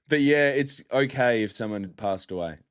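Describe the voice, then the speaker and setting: A young man hosting a podcast alone, chatty and mocking, often laughing as he talks. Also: medium pitch. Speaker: podcast host. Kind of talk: casual solo podcast monologue.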